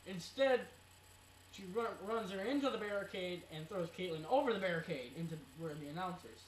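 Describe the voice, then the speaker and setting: A playful, giggly co-host of a casual recap show who is quick to tease. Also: medium pitch, recorded from a distance. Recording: roomy amateur recording with faint noise.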